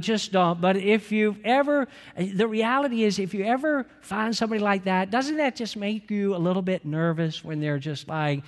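A man preaching as pastor, animated and conversational, speaking directly to his congregation. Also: high-pitched, big-room sound. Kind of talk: sermon.

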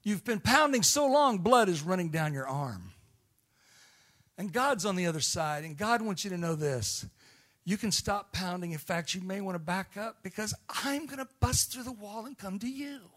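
Male preacher, high voice, telling a mission story in a sermon, moves between hushed lines and shouted ones. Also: lively intonation, normal speed. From Illinois.

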